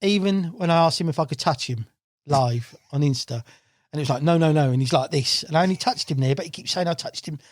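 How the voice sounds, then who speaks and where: A man, a guest angler on a podcast, telling stories in a casual, animated way, swearing freely and acting out what people said. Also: fairly high pitch, quick pace, dry recording, studio quality. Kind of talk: casual storytelling chat. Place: podcast studio. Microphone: studio mic.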